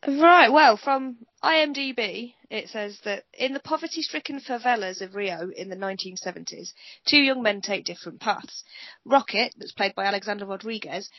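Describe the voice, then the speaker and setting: A woman's voice: medium pitch, lively intonation, moderate pace, no room sound. A woman co-hosting a casual movie chat, chatty and giggly, stumbling over foreign names. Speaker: podcast co-host. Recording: dull lo-fi, dry sound.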